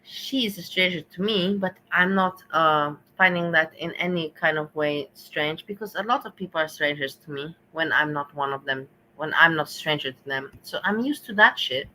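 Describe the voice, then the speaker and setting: A woman giving measured, reflective commentary on a stream, slightly disapproving. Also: low voice, bright, forceful tone, slight background noise, rough recording. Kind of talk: casual commentary.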